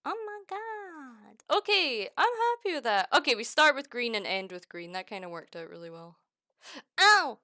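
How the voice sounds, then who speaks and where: A young Scottish woman chatting excitedly and swearing often while crafting on a close mic. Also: high-pitched, normal speed, no echo. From Scotland. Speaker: streamer. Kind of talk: casual crafting chat.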